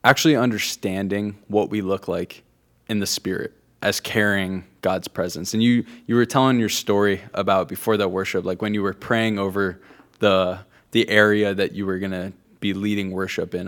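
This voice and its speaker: A man hosting a faith talk show, with a very deep, gravelly voice. He asks long, winding questions and keeps encouraging his guest. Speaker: host. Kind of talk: casual interview.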